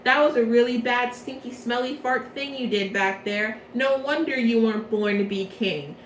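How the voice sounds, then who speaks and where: A woman's voice: on the high side, moderate pace, a little hiss or hum, lightly acted. A woman voicing a folksy male guardian who scolds, in an echoey room. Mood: scolding. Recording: echoey room, mic far off.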